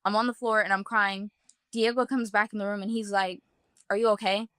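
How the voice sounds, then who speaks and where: A woman's voice: medium pitch, steady tone, a little fast, bright, forceful tone, clean tone, no echo, clean studio sound. A woman earnestly recounting a personal experience in vivid first-person detail, talking casually with many "like" fillers. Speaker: guest telling a personal testimony. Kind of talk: emotional first-person storytelling.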